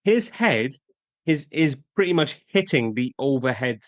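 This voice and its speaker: A man's voice: medium pitch, lively intonation, a little slow, no room sound. Wry, jokey man on a dry mic. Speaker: podcast co-host. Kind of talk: casual film chat.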